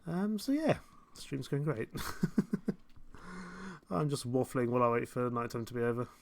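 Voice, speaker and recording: The game streamer here is a young man whose gravelly, medium-pitched voice has lively intonation at a normal speed. Rambling through a live gameplay session, he mocks himself casually and chuckles a lot.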